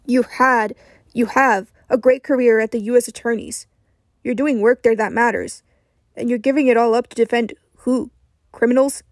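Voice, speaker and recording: A woman's voice: a little high, fairly even intonation, moderate pace, no echo, clean studio sound, natural voice. A woman voicing an older man, an earnest and disappointed mentor who presses with questions, in an audiobook reading.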